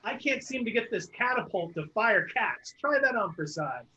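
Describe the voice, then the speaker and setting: A man's voice: high-pitched, very animated, normal speed, sharp tone, breathy edge. A man playing an improv comedy game on a video call, making absurd claims with a straight face. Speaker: improv performer. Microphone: video call mic. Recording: muffled video call audio.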